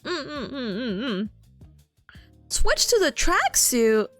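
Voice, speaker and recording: Woman streamer, giggly and gushing, high lively voice. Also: slow, faint music behind. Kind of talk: casual chat with chat readers.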